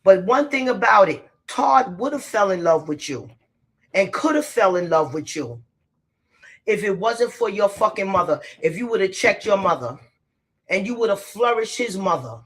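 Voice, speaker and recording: A woman's voice: medium pitch, animated, moderate pace. A woman giving a casual, ranting commentary, blunt and profane, hammering her points home by repeating them. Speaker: spiritual messenger and celebrity commentator. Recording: roomy echo, distant from the mic.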